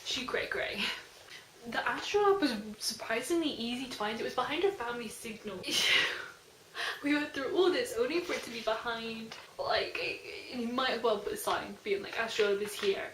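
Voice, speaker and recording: A young woman chatting casually about a book she read, gushing and animated, with lots of "like" between her thoughts. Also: fairly high pitch. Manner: gushing, fast and animated, heavy use of "like". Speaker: book reviewer. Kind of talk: casual book review chat. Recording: echoey room with faint noise.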